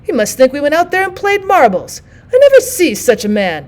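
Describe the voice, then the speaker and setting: A woman voicing a young soldier who complains loudly about an injustice, in plain folksy speech. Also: sits high, wildly swooping pitch, a little fast, pitched above the performer's own voice. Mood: aggrieved. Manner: plain rural talk, complaining. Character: aggrieved young male soldier, stout-hearted.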